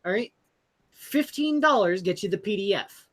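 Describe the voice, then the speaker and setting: A man co-hosting a podcast in casual chat, talking haltingly with frequent stops to rephrase. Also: high voice, lively intonation, a bit bright. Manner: halting, many fillers and restarts. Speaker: podcast co-host.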